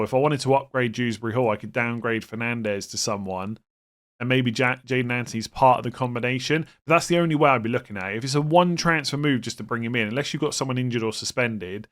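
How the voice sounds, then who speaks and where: Male host, young, mid-pitched, lively and opinionated, casual monologue with restarts. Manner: animated, opinionated, with frequent restarts. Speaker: fantasy football channel host.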